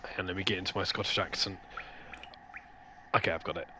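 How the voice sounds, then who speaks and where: A man's voice: low-pitched, steady tone, sharp tone, slight background noise. A man hosting a let's play, chatting casually and joking while he plays. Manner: jokey, quick asides, laughs often. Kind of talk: casual gaming chat. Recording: game music underneath.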